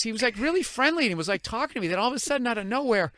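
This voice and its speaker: High-voiced, punchy middle-aged man. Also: racing, few pauses, no room sound. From Boston area. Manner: blunt, profane anecdotes with animated quoted voices. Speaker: podcast host. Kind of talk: casual chat, storytelling.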